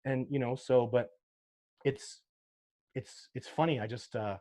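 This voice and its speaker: A man's voice: medium pitch, fairly even intonation, a little slow, mellow. A man speaks with earnest, heartfelt emotion, circling back and restarting as he recounts encounters in the wild. His voice sits in an ordinary middle register. He talks like an interview guest swept up in his own stories. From Canada. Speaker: sasquatch researcher guest. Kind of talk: casual interview talk.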